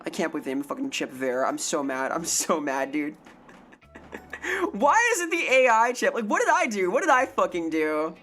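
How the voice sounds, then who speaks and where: A woman's voice: lowish voice, huge pitch swings, moderate pace, fairly bright tone, faint music behind. A woman streaming live in a casual, silly way, swearing freely, her throat strained from too little sleep.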